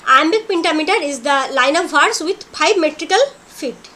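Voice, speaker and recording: Very high-voiced woman lecturing. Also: expressive, moderate pace, pushed and bright. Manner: conversational lecturing, with frequent self-corrections and restarts; non-native English grammar. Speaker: literature teacher. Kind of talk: classroom lecture.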